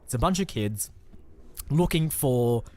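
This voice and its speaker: Male podcast co-host, mid pitch, animated delivery, quippy banter, dry close mic. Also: dry recording. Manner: quick quips, finishes the other's sentences. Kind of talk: casual comedic chat.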